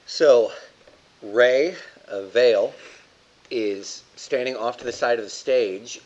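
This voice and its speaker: A man playing a tabletop game, narrating his character's scene in a steady, casual way. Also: mid-range voice, takes it slowly. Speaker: player. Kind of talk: casual tabletop role-play. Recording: dull lo-fi sound.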